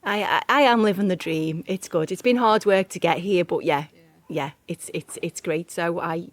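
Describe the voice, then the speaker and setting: A woman's voice: fairly low pitch, normal speed. A woman yoga teacher, chatting animatedly in an interview and firing off rhetorical questions. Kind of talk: casual interview chat.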